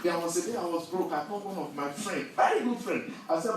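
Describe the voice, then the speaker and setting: A man preaching an animated sermon, telling personal stories and building to loud scripture readings. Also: on the high side, brisk, a little hiss or hum. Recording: echoey hall, distant mic.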